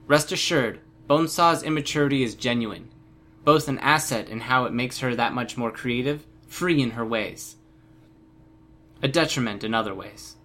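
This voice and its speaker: A man voicing a cool, smooth-talking male villain in an audiobook, almost seductive and quietly mocking. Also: medium pitch, moderate pace, natural voice. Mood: smooth, menacing. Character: smooth, menacing adult male villain leader. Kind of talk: audiobook character voice.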